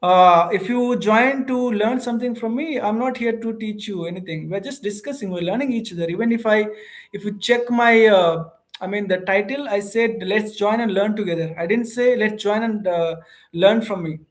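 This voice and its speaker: Man, Indian accent, casual livestream host, halting, lots of fillers, calls people bro and ma'am. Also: high-pitched. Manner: hesitant, many fillers and restarts. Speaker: host of an English practice livestream. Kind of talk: casual livestream chat, reading viewer comments.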